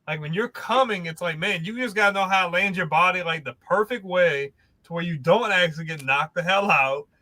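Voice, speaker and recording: A man chatting casually over a video call, his voice high and bright with a forceful edge. He talks in a slangy way, calling the others bro and dog as he goes. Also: brisk. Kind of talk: casual chat.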